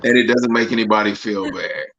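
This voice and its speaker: A man co-hosting a livestream in casual chat, laid-back and quick to laugh. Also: on the low side, fairly even intonation, fairly bright tone, highs cut off, a little hiss or hum. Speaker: co-host.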